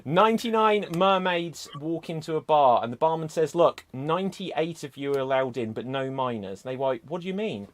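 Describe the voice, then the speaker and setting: A man's voice: fairly high pitch, animated, normal speed, few pauses. A man hosting an improv comedy show, chatting loosely between games with plenty of fillers and asides.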